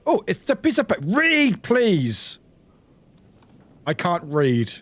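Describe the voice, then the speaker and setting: A man's voice: high voice, wildly swooping pitch, takes it slowly, fairly bright tone. A man from the UK streaming a game, chatting casually, laughing and swearing as he plays. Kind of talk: casual live-stream commentary.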